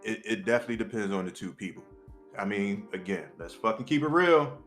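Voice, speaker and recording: A man's voice: fairly low pitch, fairly even intonation, quick pace, fairly bright tone, faint music behind. A young man co-hosting a podcast, talking bluntly and sarcastically with plenty of swearing in a candid casual chat. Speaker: podcast co-host.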